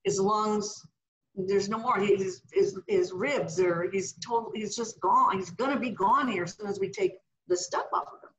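Woman telling a lively faith testimony. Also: medium pitch, normal speed, dull audio. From California. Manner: animated storytelling, acts out quoted voices. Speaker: podcast guest, minister. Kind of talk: testimony in a podcast interview.

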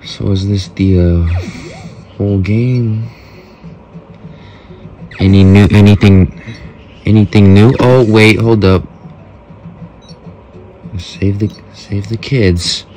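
Slow-talking man joking through a game. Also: fairly low pitch, fairly even intonation, mellow, soft background music. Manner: jokey, mock-talks to kids, trails off mid-sentence. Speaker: gameplay host. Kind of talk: casual gameplay commentary.

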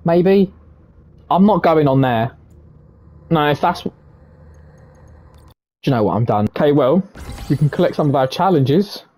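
Hoarse, excitable gamer shouting. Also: male voice, a little high, unhurried, long pauses. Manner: excitable, boastful, swears a lot, shouts and cackles in tense moments. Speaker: gaming video creator. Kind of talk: live gameplay commentary. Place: his own room.

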